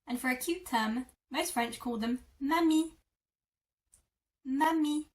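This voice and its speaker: A woman teaching French vocabulary in a lesson video, repeating words slowly syllable by syllable. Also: sits high, fairly bright tone, distant mic. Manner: slow, drawn-out repetition of words. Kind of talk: language lesson.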